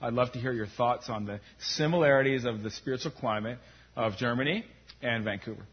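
A man's voice: medium pitch, a little fast, husky. A man hosting an interview at a church service, casual and joking, with lots of fillers. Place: church in metro Vancouver. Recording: dull lo-fi sound.

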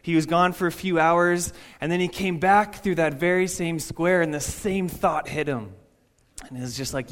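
A man's voice: fairly high pitch, steady tone, moderate pace. A young man, a youth pastor, preaching a Sunday sermon in a church in a conversational storytelling way. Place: church sanctuary.

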